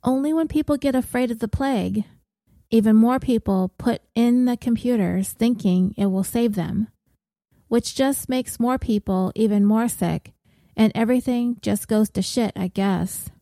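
A woman narrator voicing a blunt, troubled woman who talks in a wry, gruff, self-mocking way. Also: fairly high pitch, a little slow, dark tone, no echo, clean studio sound. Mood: weary.

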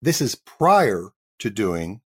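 A middle-aged Canadian man, a guest actor telling a lively anecdote in an interview and acting out the voices of the people in it. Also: on the low side, slow, slightly rough. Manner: animated storyteller acting out quoted voices.

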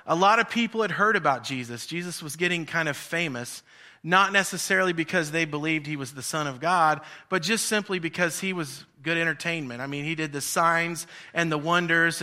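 A man's voice: fairly high pitch, bright, forceful tone. A man preaching a sermon in a conversational, storytelling way, acting out the voices in his stories. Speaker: pastor.

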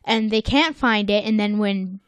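A woman's voice: mid-range voice, measured pace, clean tone, no echo, clean studio sound. An American woman co-hosting a podcast, recapping a cartoon episode in casual chat and playfully acting out the characters. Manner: playful, acts out characters in quotes. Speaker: podcast co-host.

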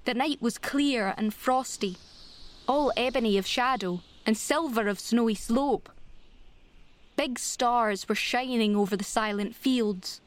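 A woman narrating a classic novel as an audiobook, measured and expressive. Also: on the high side.

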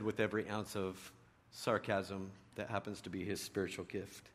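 A middle-aged man preaching a sermon in a conversational storytelling way, dropping to a hush and rising to loud emphasis. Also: fairly low pitch, moderate pace. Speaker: pastor.

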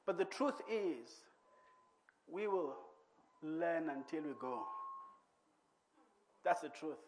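A man preaching a sermon into a microphone, speaking earnestly and building to loud, emphatic passages. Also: fairly high pitch, expressive, slow pace, slight background noise. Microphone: microphone on a church sound system.

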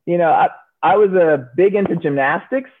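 A woman's voice: fairly low pitch, moderate pace. A woman, a former Olympic shot putter, telling stories in an interview and acting out the voices of the people in them. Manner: animated storyteller, acts out quoted voices. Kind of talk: storytelling interview answers. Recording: narrow phone-like sound.

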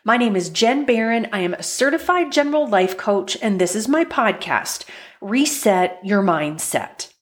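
A woman hosts her own podcast as a life coach, speaking at a slow, unhurried pace. Her manner is chatty and encouraging. She often slips into little acted-out versions of listeners' everyday complaints. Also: medium pitch, expressive. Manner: chatty, encouraging, acts out quoted thoughts. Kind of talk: solo podcast talk.

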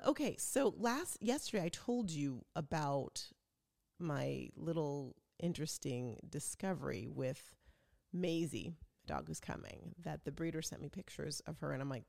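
A woman's voice: sits low, creaky. A middle-aged woman, chatting casually as a podcast host and telling stories with quoted voices. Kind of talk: casual chat.

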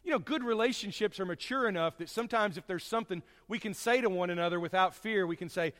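A man preaching a sermon to his congregation, folksy and storytelling, swinging from loud to hushed. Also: sits high, lively intonation, fast, few pauses, long reverb tail.

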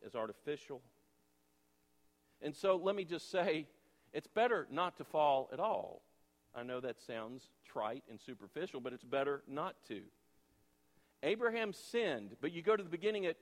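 A high-pitched man preaching a sermon in a church sanctuary, his voice trailing off in a long hall reverb. He presses his points with rhetorical questions and sinks from ringing emphasis to near-whispers. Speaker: pastor.

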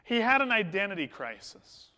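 A man's voice: high voice, sing-song, moderate pace, sharp tone. A male pastor telling a story in his sermon in a conversational, anecdotal way, with touches of humor. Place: church sanctuary. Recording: long hall reverb in a church.

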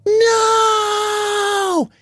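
An adult storyteller voicing an excited, brave young boy with a high, eager voice. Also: slow pace, very noisy, full character voice. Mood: panicked. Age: child. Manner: high, eager, shouting when alarmed.

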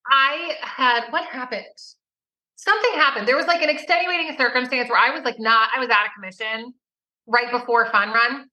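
Bright high-voiced mom cohost. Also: female voice, poor audio. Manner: quick, joking interjections. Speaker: podcast co-host. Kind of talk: casual chat.

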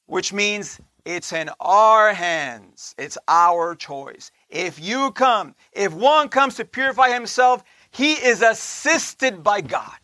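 Man preaching, high voice, bright and forceful, conversational, keeps asking "right?", dry close sound. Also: expressive, no room sound. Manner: conversational, asks the listeners "right?" often; slows down to stress points, laughs between lines. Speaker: teacher of a Torah portion. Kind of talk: sermon.

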